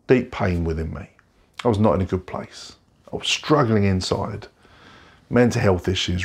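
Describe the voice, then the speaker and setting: A man's voice: on the low side, vocal fry, darkish tone, husky. A middle-aged man preaching an online sermon from a bedroom at home, earnest and repeating phrases for emphasis. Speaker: pastor.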